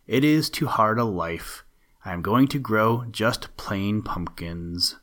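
A man's voice: on the low side, slow pace, a bit bright. A man voicing a weary, practical neighbor vine in a storybook reading, matter-of-fact.

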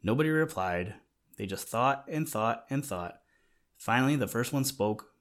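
A man reading a children's storybook aloud in a gentle way, talking to the listener now and then. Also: mid-range voice, expressive, normal speed. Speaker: narrator.

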